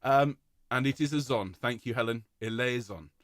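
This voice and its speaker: A man's voice: medium pitch, fairly even intonation, normal speed, dry recording. Enthusiastic male choir director, dry sound. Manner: enthusiastic, warm praise, demonstrates sung vowels. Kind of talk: online choir rehearsal talk.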